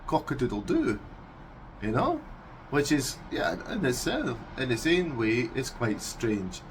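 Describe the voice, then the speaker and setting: A Scottish man vlogging casually, unhurried and amused, breaking into animal noises. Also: medium pitch, wildly swooping pitch, slight background noise. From Scotland. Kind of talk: casual explainer vlog.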